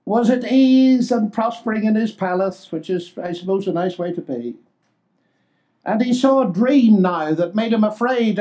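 An older man preaching a sermon, expressive and exclamatory, swinging between loud declarations and hushed asides. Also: sits high.

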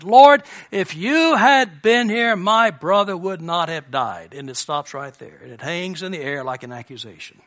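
Bright-voiced man preaching a sermon. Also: high voice. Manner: earnest, swinging from emphatic to hushed. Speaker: pastor.

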